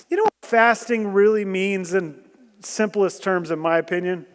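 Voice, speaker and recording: A man preaching a sermon, animated and joking, asking the room questions and bursting into loud emphasis. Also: high voice, normal speed, clear, resonant tone. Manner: animated storytelling with jokes and rhetorical questions. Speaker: guest preacher. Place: church hall. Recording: long church hall reverb.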